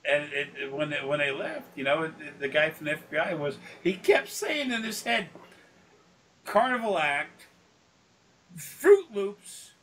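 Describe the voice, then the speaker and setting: His voice is a little high, bright and forceful, at a moderate pace. The man rambles through profane anecdotes in casual storytelling on a recorded consultation, often laughing and acting out the people he quotes. A distant mic carries faint background noise.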